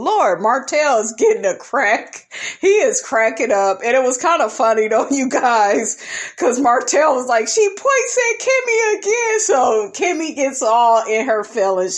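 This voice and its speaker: A sassy woman dishing out a reality show recap in a blunt, profane, gossipy way. Her voice sits a touch high for a woman, and she keeps calling her viewers "honey" with a knowing "okay?" after her calls. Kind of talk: casual commentary recap.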